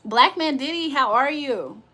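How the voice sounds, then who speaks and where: Blunt high-voiced woman streamer. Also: lively intonation, a little slow, sharp tone. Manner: blunt, profane, confrontational. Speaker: livestream host. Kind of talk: casual live chat to viewers.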